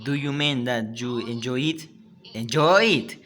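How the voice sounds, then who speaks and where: A man's voice: medium pitch, measured pace, a bit bright, a little hiss or hum, natural voice. A man with a Spanish accent, a native Spanish speaker, voicing a scheming clever young boy in a read-aloud storybook. He speaks emphatically and stumbles now and then. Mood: pleading.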